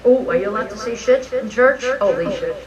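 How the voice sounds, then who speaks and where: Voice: mid-range voice, a little fast, far from the mic, highs cut off, over a noisy crowd. A minister giving a frank, joking, conversational sermon at a live church service. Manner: animated storytelling, frank and joking.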